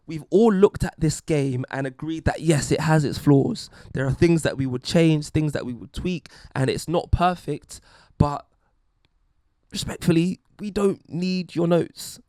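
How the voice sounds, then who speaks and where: A man's voice: fairly high pitch, darkish tone, dry recording, clean studio sound. A man hosting a podcast, giving an emphatic, wry opinion monologue. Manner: wry, emphatic, puts on mock voices. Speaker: podcast host.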